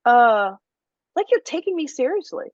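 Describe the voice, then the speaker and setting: A woman's voice: high voice, very animated, normal speed, dry recording. Frank woman podcast host, dry muffled sound. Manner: frank and reflective, swears freely. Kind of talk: casual podcast conversation. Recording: dry, slightly muffled audio.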